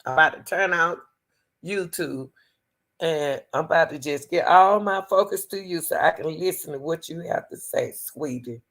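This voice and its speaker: A woman in a low voice. She talks to camera as a channel host, playful and teasing, and often laughs and calls people baby and sweetie. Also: moderate pace, a bit bright. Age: 60s. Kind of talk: casual talk to camera.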